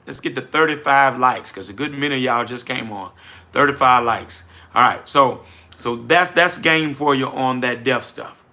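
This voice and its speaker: A middle-aged man with a New Orleans accent hosting a casual livestream, folksy and animated as he answers viewers directly. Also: mid-range voice. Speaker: livestream host, trucking business owner.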